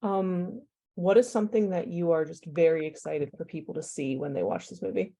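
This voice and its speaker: A woman interviewer asks questions and adds short, friendly replies in a casual chat. Her voice is low and mellow, with a gravelly fry. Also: moderate pace.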